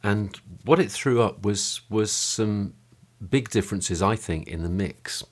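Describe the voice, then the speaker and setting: The podcast host here has a voice on the low side and a measured pace. Recording in a home studio room, he offers casual chat and a wrap-up in a loose, hesitant style marked by frequent fillers and restarts.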